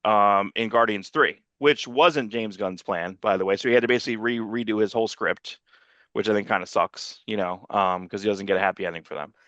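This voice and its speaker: A man's voice: fairly low pitch, a little fast, fairly bright tone, no echo, dull audio. A man co-hosting a comics podcast, chatting casually and rambling through a movie review, often restarting his sentences. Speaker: podcast co-host.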